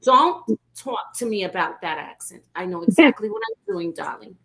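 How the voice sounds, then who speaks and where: A nasal, sassy sitcom nanny with a Jewish American accent, put on by a woman. The voice is bright and pointed and drawls its words. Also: on the high side, sing-song, moderate pace, creaky, breathy edge, full character voice, poor audio.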